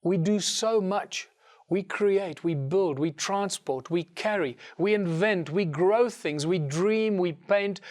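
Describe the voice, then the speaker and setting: A middle-aged man with a South African accent telling a story in a lively way and giving the characters their own voices. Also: sits high. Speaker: speaker. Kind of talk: storytelling talk.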